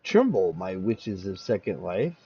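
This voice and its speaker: A man voicing a cackling ghoulish male horror-comic host in a slow, theatrical, gloating manner. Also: low voice, sing-song, slightly rough, lo-fi sound, voice pushed down, full character voice.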